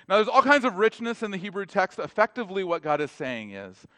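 Animated, lively-pitched male pastor. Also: brisk, few pauses, no room sound. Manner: animated, conversational, lots of "like", laughs at own jokes. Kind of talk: casual sermon.

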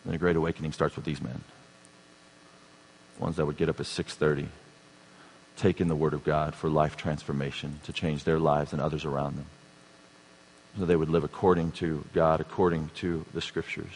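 A man preaching a sermon, dropping to a hushed tone and then building to emphatic, raised passages. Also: a bass voice, little pitch movement, moderate pace, long pauses, a little hiss or hum. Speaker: pastor. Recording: reverberant hall.

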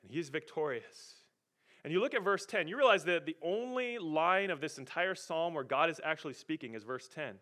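A man pastor preaching a sermon, animated and emphatic, rising and falling in volume. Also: a little high, fairly quick.

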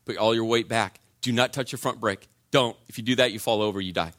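A man voicing a calm, experienced male riding buddy who gives steady, instructive coaching and repeats his warnings. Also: lowish voice, brisk, voice pushed down, natural voice.

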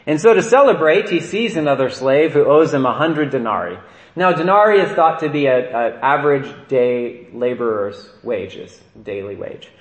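A man's voice: mid-range voice, expressive, moderate pace. Priest guy preaching casually, keeps asking "right?", roomy church echo. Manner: conversational preaching with frequent "right?" asides. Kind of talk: sermon. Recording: echoey church room.

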